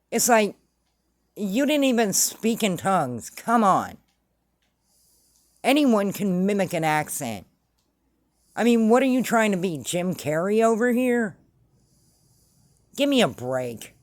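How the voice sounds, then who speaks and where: A woman's voice: medium pitch, dry recording. A woman hosting casual true-crime commentary, blunt and sarcastic. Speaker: commentary host.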